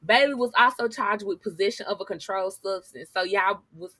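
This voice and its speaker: Woman vlogger, sassy and blunt, bright voice, dry close sound. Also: medium pitch, fairly quick, no echo. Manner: sassy, blunt, talks straight to viewers. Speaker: news commentary vlogger. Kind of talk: casual commentary reading news articles aloud.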